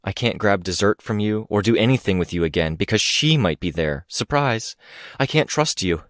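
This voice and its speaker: A man's voice: fairly low pitch, expressive, normal speed, a bit bright, no echo, voice pushed up. Bitter young heroine, read by a man, strangled breathless whisper, dry close sound. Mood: distraught. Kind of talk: audiobook character reading.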